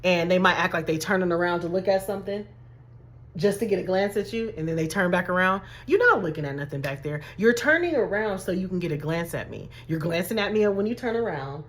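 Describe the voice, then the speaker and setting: Chatty animated woman life coach. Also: lowish voice, brisk. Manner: animated, chatty, addresses viewers as y'all and baby. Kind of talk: motivational talk to camera.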